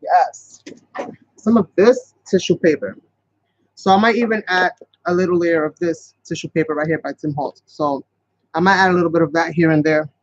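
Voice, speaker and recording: A chatty man with a fairly high voice leads a casual live craft tutorial, rambling along as he works. The sound is dull and lo-fi, and the voice comes through dry and close with little room around it. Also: normal speed, dry recording. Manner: chatty, rambling, talks to viewers as "you guys". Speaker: craft channel host.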